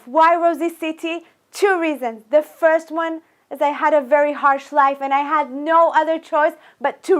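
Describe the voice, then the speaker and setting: High-voiced woman host. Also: a bit bright. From Iran. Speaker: podcast host. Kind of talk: personal storytelling podcast.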